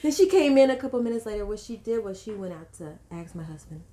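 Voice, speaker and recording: A woman guest telling a story in casual conversation, animated and slipping into the voices of people she quotes. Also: medium pitch, fast talker.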